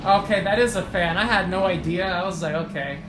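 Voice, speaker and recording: A man giving excitable gameplay commentary, trash-talking opponents and swearing a lot. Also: sits high, fairly quick, over music. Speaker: gaming YouTuber. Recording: roomy echo with faint noise.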